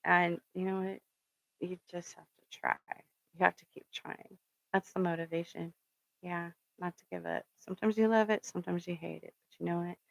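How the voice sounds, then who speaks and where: Gravelly, low-voiced woman telling a rambling story. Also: steady tone, moderate pace, dry recording, low-quality recording. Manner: rambling and storytelling, with many fillers; earnest and fired up, swears for emphasis. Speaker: spiritual reader and channel host. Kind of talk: casual motivational talk.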